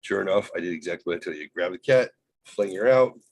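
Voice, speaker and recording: A man hosting a podcast, telling a rambling, profane, animated story in casual chat. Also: low voice, fast, poor audio. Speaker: podcast host.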